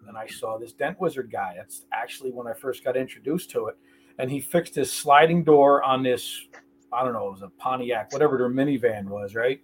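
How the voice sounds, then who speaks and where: Over a video call, a middle-aged podcast guest tells casual stories in a blunt, joking, profane way. His voice is medium-pitched, with a little hiss or hum on the line.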